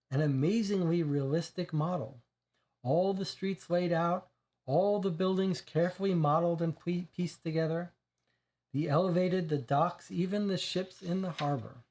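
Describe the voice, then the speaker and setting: A man with a somewhat high voice reads a crime dossier aloud in a steady, plain way. He stumbles on a word now and then and drifts into casual commentary. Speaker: game player reading aloud.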